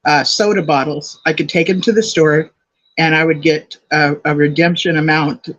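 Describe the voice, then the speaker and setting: A woman's voice: low-pitched, steady tone, normal speed, lo-fi sound. An older woman co-hosting a casual commentary chat, reasoning things out aloud in a thoughtful way. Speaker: co-host.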